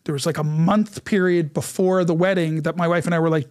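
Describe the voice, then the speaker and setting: A middle-aged man telling a story as an interview guest, animated and acting out the voices of the people in it. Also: fairly high pitch, a little fast, dry recording, clean studio sound. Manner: animated, acts out quoted dialogue.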